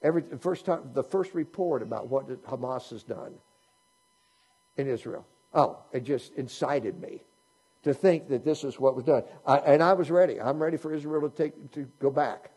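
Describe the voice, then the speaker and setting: A man delivers a sermon in a relaxed, conversational style, posing question after question to his listeners. His voice is warm and dark with a husky edge. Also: medium pitch, moderate pace. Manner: conversational preaching with rhetorical questions. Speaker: pastor.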